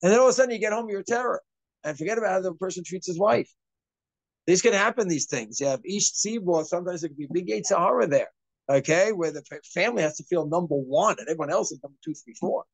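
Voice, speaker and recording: Animated rabbi teaching a class. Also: male voice, high voice, vocal fry, no echo. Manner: animated, quick, acts out scenes in asides. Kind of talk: informal Torah class.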